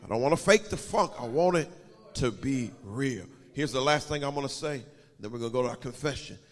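A man preaching a sermon as pastor, leading his congregation in prayer and repeat-after-me confession with sing-song shouted swells. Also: mid-range voice, lively intonation, brisk, long reverb tail. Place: church sanctuary.

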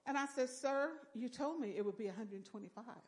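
Older woman telling a lively church testimony. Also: a little high, brisk. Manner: lively storytelling, folksy, exclamations of praise.

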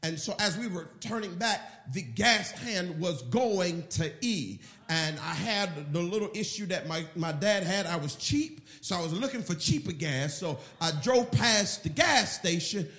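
A middle-aged male pastor preaching in an echoey church, his voice high and bright with a gravelly edge. He delivers his sermon with emphatic, animated storytelling. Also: moderate pace, few pauses, soft background music.

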